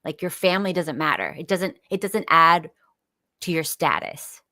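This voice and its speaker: A woman calling into a live stream, speaking quietly and softly in short casual answers. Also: low-pitched, expressive, moderate pace, no echo, studio quality. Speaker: guest caller. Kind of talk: casual chat on a call.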